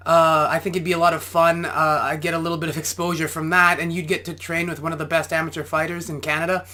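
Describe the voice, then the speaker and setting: Bright-voiced man coaching boxing technique. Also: fairly high pitch, little pitch movement, quick pace. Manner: instructive, explains boxing technique step by step. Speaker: amateur boxer reacting to a video. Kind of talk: casual reaction commentary.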